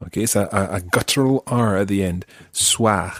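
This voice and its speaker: Scottish man, language teacher, low husky voice, dry close studio sound, patient. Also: no room sound. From Scotland. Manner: patient, slow careful modelling of words. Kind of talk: podcast language lesson.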